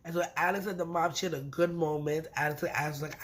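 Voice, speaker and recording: Animated woman recapping a reality show. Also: low-pitched, fast talker. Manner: animated, emphatic storytelling with frequent repeats. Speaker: reality TV reviewer. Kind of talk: casual episode recap.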